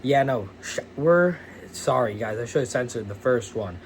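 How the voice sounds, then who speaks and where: A man's voice: medium pitch, lively intonation, moderate pace, a little hiss or hum. A young man talking casually to the camera in a fitness vlog, loose and jokey, swearing often and calling his viewers "boys". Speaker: fitness vlogger.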